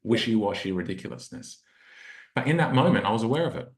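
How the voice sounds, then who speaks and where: A man's voice: medium pitch, lively intonation, quick pace. A man who is a relationship coach, telling a personal story in an earnest, reflective way and acting out his inner dialogue. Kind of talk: storytelling in a podcast interview. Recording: roomy echo.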